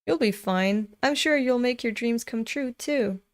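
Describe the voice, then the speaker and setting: A woman voicing a gentle, kind young woman who is a little shy and eager, with a sweet, bright delivery. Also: a little high, a little slow, lightly acted.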